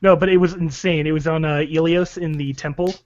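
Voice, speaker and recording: A man's voice: on the high side, fairly even intonation, brisk, no room sound. A man co-hosting a casual gaming podcast, rambling with lots of fillers. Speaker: podcast co-host. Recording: dull lo-fi sound.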